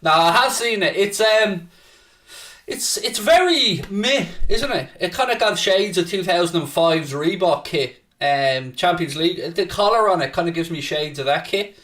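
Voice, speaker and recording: On a relaxed football watchalong stream, the male host chats with viewers, reads their messages, and swears without restraint when riled up. His voice leans high and a bit bright, he talks at a moderate pace, and the recording is distant.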